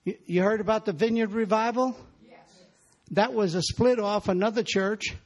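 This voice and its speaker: A man's voice: sits high, steady tone, normal speed. A man preaching a sermon in a church, exhorting the congregation and calling for their responses.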